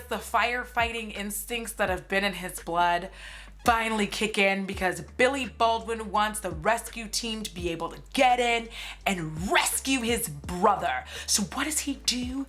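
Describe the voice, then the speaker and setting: A woman's voice: fairly high pitch, pushed and bright. A woman in her forties giving a casual, sarcastic movie recap, with lots of "like" and some swearing. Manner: chatty and sarcastic, heavy use of "like", swears freely. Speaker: movie commentary streamer.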